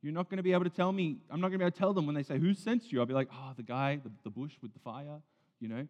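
A man's voice: on the high side, fairly even intonation, darkish tone, pitched above the performer's own voice, lightly acted. A man doing a flustered, stammering reluctant prophet. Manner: rushed, stammering excuses. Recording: dull sound in a big reverberant hall.

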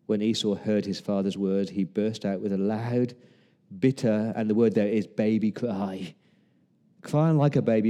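A male pastor delivers a sermon in a mellow, warm voice, retelling Bible stories with humor and acting out the people in them. His words ring out with the long reverb of a church hall. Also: fairly low pitch, moderate pace.

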